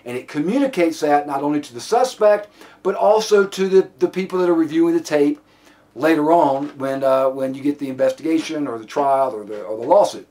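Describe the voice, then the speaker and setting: A man's voice: a little high, lively intonation, moderate pace, darkish tone. Plainspoken male police instructor. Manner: plainspoken, many restarts and fillers. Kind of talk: classroom lecture.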